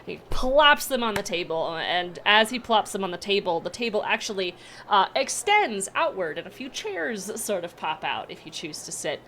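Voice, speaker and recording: A woman's voice: mid-range voice, big pitch swings, normal speed, bright, forceful tone, slight background noise. A woman game master narrating a tabletop game in a casual, rambling way. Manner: casual, filler-heavy narration.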